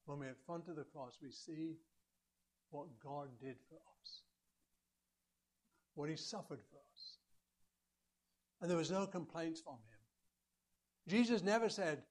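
A preacher with a notably high voice delivers an earnest sermon, rising to emphatic peaks and dropping low again. His pace is measured with frequent pauses, and he keeps turning to the congregation with rhetorical questions.

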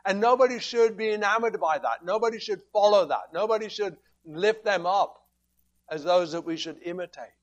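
Man, preacher, high-pitched voice, emphatic sermon, rhetorical questions. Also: moderate pace, dull audio.

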